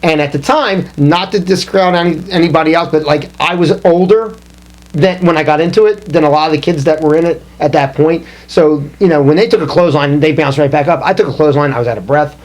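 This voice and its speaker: Man telling a lively wrestling story. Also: on the high side, quick pace. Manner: storytelling, animated. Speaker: host. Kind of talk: casual round-table chat.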